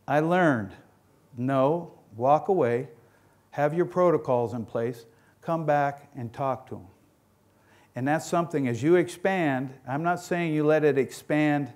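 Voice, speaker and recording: A middle-aged man speaks at a conference in a folksy, storytelling way, often restarting and repeating his words. His voice sits in an ordinary middle pitch for a man. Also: darkish tone. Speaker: dairy farm owner giving a talk. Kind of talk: conference presentation.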